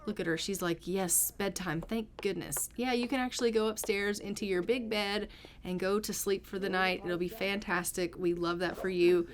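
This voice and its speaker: A woman's voice: mid-range voice, fairly even intonation, normal speed. A woman casually narrating her gameplay, chatting away and voicing the characters' lines as she goes. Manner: chatty, voices the characters' lines in a running commentary. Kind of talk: casual let's-play narration.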